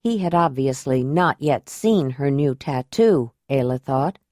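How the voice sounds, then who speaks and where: A woman narrating an audiobook in an even, unhurried storytelling manner. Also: a bass voice, dry recording, clean studio sound.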